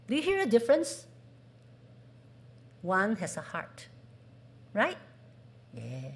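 Slow, lively woman preaching a sermon. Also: a little high, slight background noise. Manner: asks the congregation questions, acts out quoted voices.

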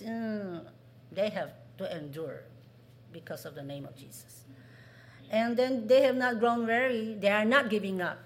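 A woman preaching a sermon, asking the congregation questions and acting out what people say. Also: mid-range voice. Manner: asks the congregation questions, acts out quoted voices.

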